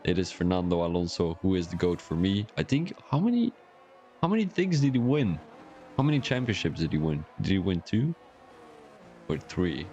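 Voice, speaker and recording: A man's voice: low-pitched, big pitch swings, moderate pace, warm tone, lo-fi sound. A man commentating a sim racing league on a live stream, chatty and joking with rambling asides.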